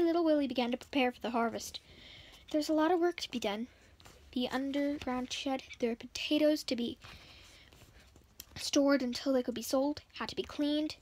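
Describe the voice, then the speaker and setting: A woman reading a children's chapter book aloud for her channel, often stumbling and rereading words. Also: high-pitched. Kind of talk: storybook reading.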